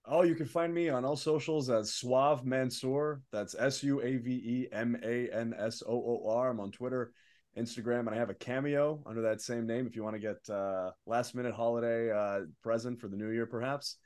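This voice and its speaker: Animated young man telling wrestling stories. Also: medium pitch, normal speed. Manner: animated, building excitement in stories. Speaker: guest wrestler. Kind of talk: casual interview storytelling.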